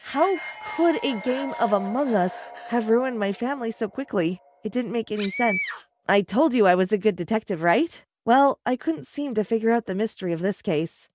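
A woman narrating an animated story in a chatty manner, speaking to the viewer. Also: fairly high pitch, normal speed.

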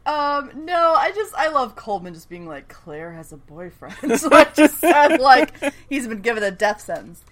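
A woman co-hosting a casual recap podcast, with a lively voice that swings widely in pitch. She is excitable, laughs often and swears casually. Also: moderate pace, hardly any pauses. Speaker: podcast co-host.

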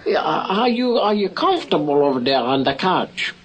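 Lecherous, mumbling old-tape shrink with a foreign accent voiced by a performer; stammers, lively pitch. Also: moderate pace, a crowd in the background, lightly acted. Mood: probing. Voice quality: mumbling, as if his mouth is full. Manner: stammering, hesitant. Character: bumbling lecherous male psychiatrist with a foreign accent. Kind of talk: old comedy tape acting.

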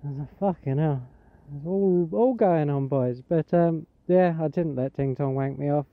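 A man's voice: on the high side, normal speed, dry recording. An English man telling a cheeky, rambling story in a voice message sent to a show. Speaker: caller sending a voice message. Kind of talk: casual storytelling. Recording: muffled lo-fi voice message.

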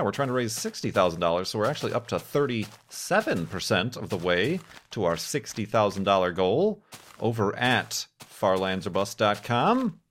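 A man's voice: medium pitch, fairly bright tone, slight background noise. A young man hosting a game series, giving casual, chatty commentary with playful, mock-formal asides.

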